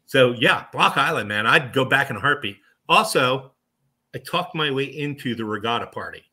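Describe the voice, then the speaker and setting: Middle-aged male guest, casual lively storyteller, bright edge, mid pitch. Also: moderate pace. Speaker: guest, paranormal investigator. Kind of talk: casual interview chat.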